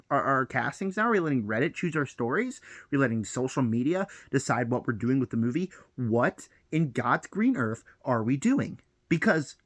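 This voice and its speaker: A man's voice: mid-range voice, a bit bright, no echo, studio quality. A young man ranting on a film vlog, heated and exasperated, piling up rhetorical questions. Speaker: film vlogger.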